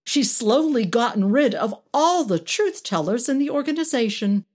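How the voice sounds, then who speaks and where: A woman's voice: a little high, expressive, normal speed, darkish tone, pitched above the performer's own voice. A woman voicing a handsome young male actor, new to the company and eager to gossip. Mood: gossipy.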